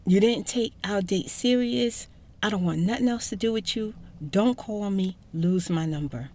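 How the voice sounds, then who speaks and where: A woman doing a furious shouting boyfriend. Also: medium pitch, moderate pace, close to an everyday voice. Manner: loud, indignant, repeating himself. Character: angry shouting adult man, boyfriend.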